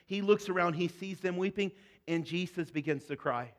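A man preaching a sermon, speaking earnestly and directly to his congregation, with quieter, softer passages on the emotional points. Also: high voice, normal speed. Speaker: pastor.

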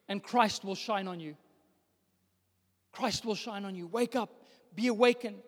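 Young male pastor, high voice, preaching into a mic in a hall with long reverb; swings from hushed to loud declarations. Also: a little slow, long pauses. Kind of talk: sermon. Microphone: microphone.

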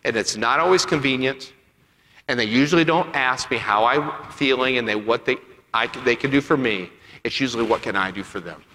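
Male preacher, bright higher voice, dynamic sermon delivery, recorded in a reverberant sanctuary. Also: a little fast, a little hiss or hum. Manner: dynamic, swings between loud emphatic peaks and quiet asides. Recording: echoey hall with long reverb.

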